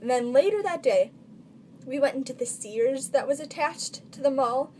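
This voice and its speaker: A woman's voice: high-pitched, normal speed, dark tone, slight background noise. A teenage girl telling funny stories in a casual vlog, chatty and full of filler words. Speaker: vlogger.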